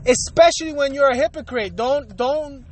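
A high-pitched voice tears into a comedic rant, heavy on profanity and streetwise slang. The podcast host swings into other people's lines to act out both sides of every exchange, then goes right back to ranting. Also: moderate pace, slight background noise.

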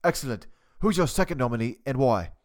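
A man's voice: mid-range voice, animated, fairly quick, natural voice. A man impersonating a furious, foul-mouthed male TV head chef who barks insults and clipped commands at cooks. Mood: clipped interrogating. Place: home basement. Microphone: cheap desktop USB mic.

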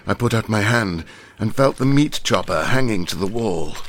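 A man reading a novel aloud in a measured, grave storytelling manner. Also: fairly low pitch, animated, a little hiss or hum. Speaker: audiobook reader. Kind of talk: scripted novel narration.

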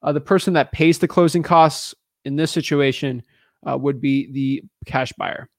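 A man's voice: fairly high pitch, moderate pace, no echo, studio quality. A man hosting a live stream as a real estate coach, chatting casually with lots of fillers and restarts. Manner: energetic, rambling, many fillers and restarts.

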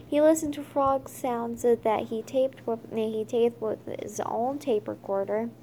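A woman reading a children's chapter book aloud, halting often with fillers and restarts. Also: on the high side, steady tone, warm tone, slight background noise. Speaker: reader.

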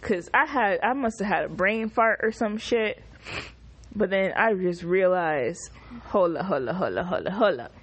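A woman hosting a casual solo podcast, recapping a show in an animated, profane, exclamatory way. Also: medium pitch, moderate pace, slightly rough. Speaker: podcast host.

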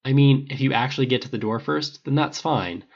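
A man's voice: mid-range voice, brisk, creaky, a little mellow, lo-fi sound. Man reading as Tony Stark, flippant and blunt. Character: brash sarcastic man, quick and defensive.

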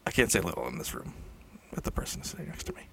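A man's voice: fairly low pitch, huge pitch swings, fast, gravelly, sharp tone, slight background noise. A man casually improvising a silly story, correcting himself as he goes and laughing at his own jokes, in a room shared with a co-host.

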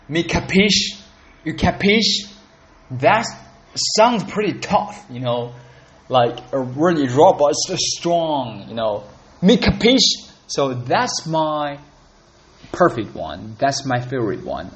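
Man, unhurried and chatty, for a casual solo learning podcast. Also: mid-range voice, muffled recording. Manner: unhurried, chatty, repeats words to practice. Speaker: podcast host learning Italian.

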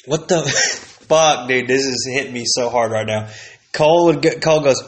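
A man's voice: medium pitch, normal speed. Man in his forties, casual solo storytelling, slangy, swears a lot, rambling. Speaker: streamer.

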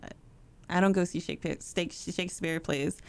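A woman's voice: fairly low pitch, steady tone, moderate pace, darkish tone. A woman in casual chat, bluntly giving opinions and laughing often.

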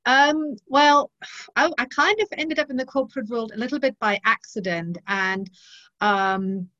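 A woman's voice: on the high side, a little slow, bright, forceful tone, no room sound, highs cut off. A middle-aged woman talking about her work as a guest in an interview, frank and thoughtful with many ums. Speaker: guest, leadership trainer. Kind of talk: interview conversation.

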